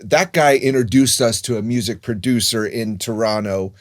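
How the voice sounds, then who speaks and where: A man's voice: medium pitch, normal speed. A man in his fifties, a guest in a casual interview, telling stories in a rambling way with frequent restarts. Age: 50s.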